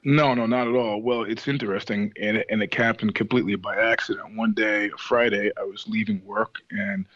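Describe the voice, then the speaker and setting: A man's voice: lowish voice, fairly even intonation, brisk, few pauses, a bit bright, dry recording, highs cut off. A man guest on a podcast, telling stories casually in a profane, digressive way, acting out the other people's lines in his voice. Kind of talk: casual interview storytelling.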